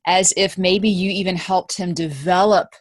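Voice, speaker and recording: A woman's voice: on the low side, fairly even intonation, moderate pace, dry recording. A woman on an online group call, speaking in an earnest, encouraging way. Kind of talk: casual talk. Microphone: video call.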